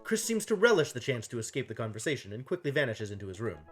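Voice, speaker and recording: A man reading a story game aloud in a lively, animated way, his pitch swinging widely as he moves between narration and dialogue. His voice sits at a middle pitch, with faint music playing underneath. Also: fast. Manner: animated, laughing often, jumps into higher voices for characters. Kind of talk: casual game playthrough with read-aloud voices.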